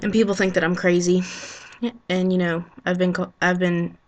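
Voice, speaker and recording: A woman speaks straight into a low-grade built-in webcam mic, her voice sitting on the low side and barely moving in pitch. She talks haltingly and with feeling, sighing often and filling gaps with ums and you-knows as she works out what to say. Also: little pitch movement, a little mellow, lo-fi sound, a little hiss or hum. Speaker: vlogger. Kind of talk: unscripted heartfelt monologue to camera.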